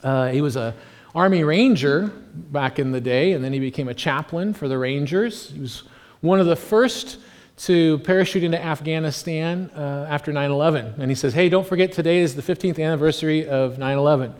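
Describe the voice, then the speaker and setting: A man's voice: fairly high pitch, fairly quick, a little mellow. A man in his forties, a pastor giving a casual, joking sermon full of fillers and asides. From United States. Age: 40s. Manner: joking, rambling with many fillers. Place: church hall. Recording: long hall reverb.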